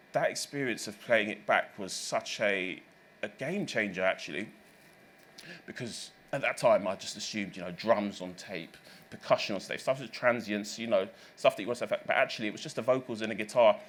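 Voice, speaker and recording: A man's voice: fairly low pitch, moderate pace, slight background noise. A man in his thirties, a recording engineer, telling stories in an interview, rambling with many fillers and self-corrections. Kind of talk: reflective interview storytelling.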